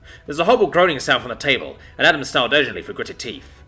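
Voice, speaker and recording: Animated male sci-fi story narrator. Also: medium pitch, quick pace, faint music behind. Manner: dramatic storytelling.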